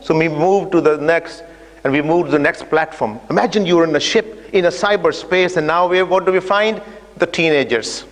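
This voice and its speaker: High-voiced man lecturing in a reverberant hall. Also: moderate pace. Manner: imaginative journey narrative, acting out dialogue with hesitant fillers. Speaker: speaker giving an Islamic talk. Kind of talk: storytelling lecture. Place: mosque or community centre hall. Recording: long reverb of a large hall.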